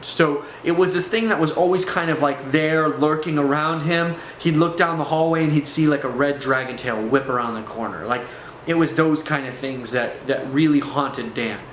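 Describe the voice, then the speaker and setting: A man's voice: a little high, normal speed, a bit bright, slight background noise. Earnest man telling his testimony. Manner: earnest, intense, with restarts and fillers. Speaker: vlogger telling a personal testimony. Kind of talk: earnest personal storytelling. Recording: echoey room.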